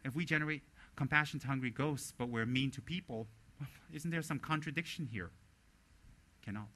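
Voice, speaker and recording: A Buddhist teacher giving a dharma talk, a man with a bright, sharp voice and a mid-range pitch. He speaks bluntly and with animation, swinging between stern warnings and playful mimicry.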